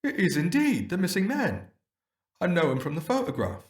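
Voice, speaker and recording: A man reading an audiobook, voicing a blunt, hearty police inspector with a gruff, exclaiming manner. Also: sits high, huge pitch swings, moderate pace, voice pushed up, exaggerated voice. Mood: astonished. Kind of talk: audiobook character voice.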